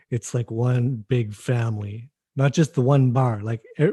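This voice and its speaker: Man, podcast host, warm low-key voice, relaxed, dry close sound. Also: measured pace, husky, no room sound. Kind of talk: casual podcast chat.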